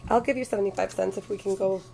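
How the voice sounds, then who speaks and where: A woman's voice: medium pitch, rapid-fire, gravelly. A young woman chatting casually with a friend, teasing and dry, in an indoor vending room picked up by the companion's handheld camera. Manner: teasing and dry, calmly settling him down. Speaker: friend on a vlog. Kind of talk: casual chat. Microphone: handheld camera held by a companion. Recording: hissy handheld camera audio.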